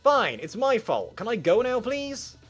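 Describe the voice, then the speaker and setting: A man's voice: on the low side, sing-song, normal speed, faint music behind. A man voicing a frustrated young male student, sarcastic, swearing and defensive. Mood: furious.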